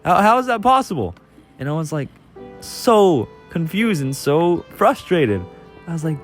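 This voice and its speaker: A young man telling a casual personal story over gameplay, excitable and rambling, often repeating his phrases. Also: a little high, a little slow, faint music behind. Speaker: channel host.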